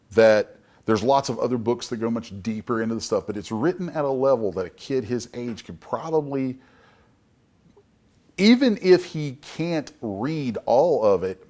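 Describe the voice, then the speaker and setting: A man's voice: mid-range voice, a little mellow. A middle-aged man speaking as a guest comic book creator at a public talk, emphatic and folksy in a motivational way.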